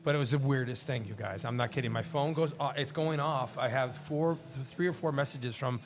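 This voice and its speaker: A man's voice: medium pitch, brisk. A man co-hosting a casual podcast chat, talking emphatically and philosophizing about people. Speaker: podcast co-host.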